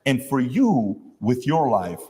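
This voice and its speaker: A man's voice: medium pitch, big pitch swings, takes it slowly, warm tone, big-room sound. A man hosting a podcast, telling stories loosely with many fillers and acted-out dialogue. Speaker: podcast host. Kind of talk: conversational interview.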